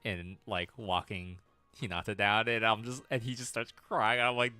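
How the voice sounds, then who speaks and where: A man's voice: on the low side, little pitch movement, moderate pace, pushed and bright, clean tone, no room sound, soft background music. A man streaming games and chatting casually, rambling, laughing often and swearing freely. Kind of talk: casual livestream chat.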